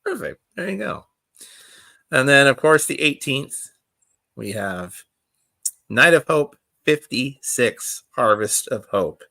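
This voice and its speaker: Lively, bright-voiced male show host. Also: mid-range voice, slow pace, gravelly, long pauses, no room sound, clean studio sound. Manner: animated, joking, chatty announcements. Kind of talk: casual radio show chat.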